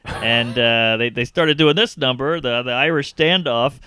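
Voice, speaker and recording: A man's voice: medium pitch, unhurried, smooth, no room sound, studio quality. A comedian, chatting casually and acting out people from his stories. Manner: animated storyteller acting out people he met. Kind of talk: casual podcast chat.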